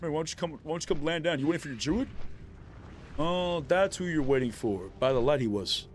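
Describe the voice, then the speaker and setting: A man's voice: on the high side, a little fast, a little hiss or hum. A man streaming a live game, chatting casually and teasing the players he fights. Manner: playful, taunting, talks to enemy players. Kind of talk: live gameplay commentary.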